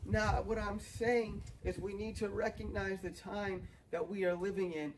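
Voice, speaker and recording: A man's voice: high-pitched, flat delivery, measured pace, rough recording. A young man preaching a sermon outdoors, earnest and building to fervent emphasis. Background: dog barking, wind.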